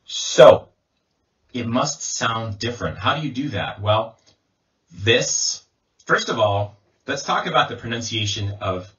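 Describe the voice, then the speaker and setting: A man as an English coach, giving a slow pronunciation lesson and repeating sounds as drills. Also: mid-range voice, lively intonation, a bit bright. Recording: distant mic, dull lo-fi sound.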